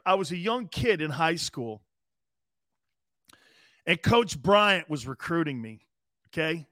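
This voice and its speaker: A man in his fifties hosts a live sports show, rambling through an old story and acting out each quote. His voice sits a little high and sounds bright and forceful. It is recorded close to the mic in a dry room. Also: sing-song, takes it slowly, long pauses, no echo. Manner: laughing, rambling anecdote with acted-out quotes. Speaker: host.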